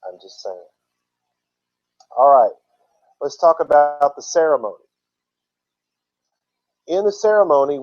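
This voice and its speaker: A man's voice: fairly high pitch, a little mellow, dull audio. A man teaching from scripture who reads passages aloud and breaks in with casual explanations. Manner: explains terms with casual asides. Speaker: Bible teacher.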